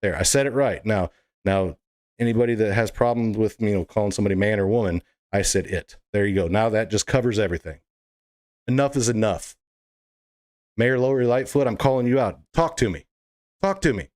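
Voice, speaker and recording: A man's voice: fairly low pitch, brisk, darkish tone. A man delivering an impassioned monologue to camera as a political video blogger, fiery, emphatic and indignant.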